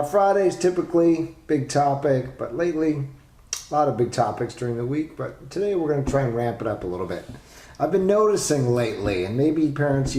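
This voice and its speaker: A man hosting a solo parenting podcast, talking emphatically and asking rhetorical questions with lively delivery. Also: mid-range voice. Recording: roomy echo.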